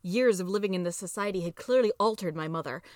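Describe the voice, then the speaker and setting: A woman reading a story aloud as the regular narrator of a podcast, in steady, plain narration. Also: medium pitch, quick pace, no echo, studio quality. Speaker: podcast reader.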